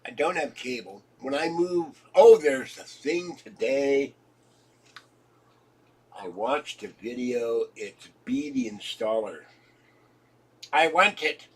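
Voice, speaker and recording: A congested man with a husky voice rambles casually at home, chuckling at his own jokes and coughing now and then. He sits at a distance from the mic, so his voice sounds set back in the room. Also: mid-range voice, expressive, takes it slowly, long pauses. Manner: joking, chuckling, wandering from topic to topic. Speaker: vlogger.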